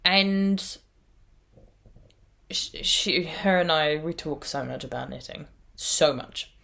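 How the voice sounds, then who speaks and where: A woman's voice: low-pitched, takes it slowly, vocal fry, fairly bright tone. A woman with an Irish accent hosting a knitting podcast, chatting casually in a rambling way and laughing at herself. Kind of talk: casual chat.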